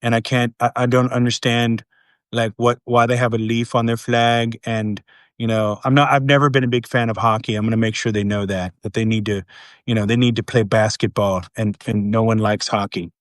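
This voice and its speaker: A man's voice: medium pitch, flat delivery, brisk, no echo, clean studio sound, voice pushed down, lightly acted. A man voicing a mocking impression of a male politician, clumsy, rambling and self-satisfied.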